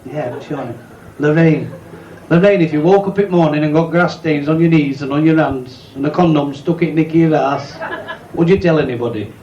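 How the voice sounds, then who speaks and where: A club comedian with a fairly high voice and a brisk delivery tells crude jokes and trades cheeky banter with the crowd at a pub or working men's club. It's bawdy stand-up, captured in a muffled, echoey live recording with loud crowd noise.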